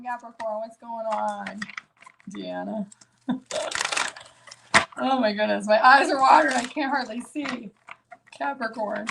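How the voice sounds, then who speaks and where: Woman, tarot reader, live stream, fairly high voice, chatty, laughs easily, faint hiss behind. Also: vocal fry. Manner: casual, laughs a lot, talks to herself.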